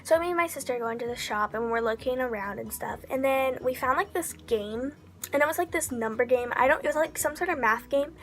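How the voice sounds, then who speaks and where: A woman vlogger telling a casual, excitable story, full of "like" fillers and slipping into whispers for asides. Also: high-pitched, a little fast, faint music behind. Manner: chatty, heavy use of 'like' fillers.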